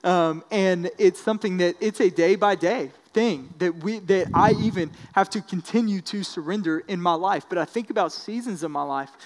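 A man's voice: high-pitched, normal speed, few pauses. A man preaching a sermon to an audience, telling a story casually with lots of fillers. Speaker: speaker at a church service. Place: large hall with an audience. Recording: long reverb from a large hall.

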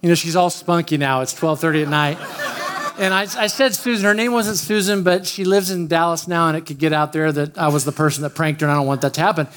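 A man preaches in a light, high voice. He opens with a casual, joking personal story and keeps talking straight to the people in front of him. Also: fast talker, fairly bright tone, a little hiss or hum. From Oklahoma, USA. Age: 50s. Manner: chatty, joking, talks straight to the room. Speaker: pastor. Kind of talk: storytelling sermon.

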